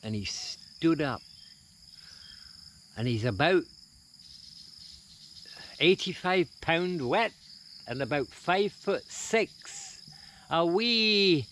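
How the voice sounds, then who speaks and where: A man voicing a cheeky male Scottish storyteller, telling a joke outdoors in a lively, comic, raised voice. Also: on the high side, very slow, pauses often, a little hiss or hum, pitched above the performer's own voice, full character voice. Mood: storytelling. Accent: put-on Scottish. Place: outdoors at a plantation.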